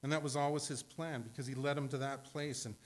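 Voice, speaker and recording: A middle-aged male pastor preaching a sermon in a conversational way, with asides and quick self-corrections. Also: mid-range voice, steady tone.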